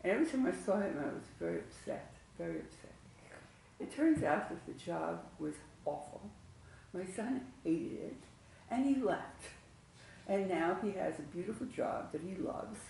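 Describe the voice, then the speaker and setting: A congregant speaks up during a class, telling a personal story in an earnest, reflective way. The voice has a gravelly texture. It is picked up from a distance in a very echoey room with faint ambience behind it. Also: mid-range voice, lively intonation, normal speed, a little mellow, a little hiss or hum.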